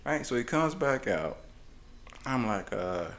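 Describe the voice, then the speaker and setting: A man's voice: low-pitched, animated, fairly quick. A man in his forties telling rambling stories on a podcast, acting out the people in them. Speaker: podcast co-host. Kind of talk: casual storytelling chat.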